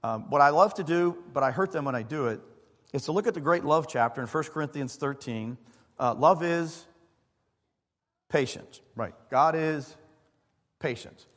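A man's voice: on the high side, moderate pace, pauses often, a bit bright. Man preaching in a reverberant hall. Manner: conversational preaching with fillers and asides to the congregation. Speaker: pastor. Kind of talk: sermon. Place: church sanctuary.

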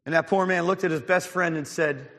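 A man preaching a sermon as a pastor, telling stories with fillers, restarts and an occasional clearing of the throat. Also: a little high, fairly quick, a bit bright, long reverb tail.

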